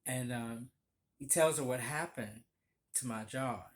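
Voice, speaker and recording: Animated storytelling man. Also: mid-range voice, a little slow. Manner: animated, acts out quoted voices. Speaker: vlogger telling stories of his barista job. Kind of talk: casual storytelling.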